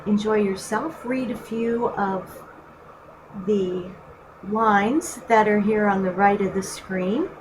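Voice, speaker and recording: A woman recording a screencast lecture, explaining poetry in a measured way and reading a poem aloud. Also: on the low side, noisy background. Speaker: teacher.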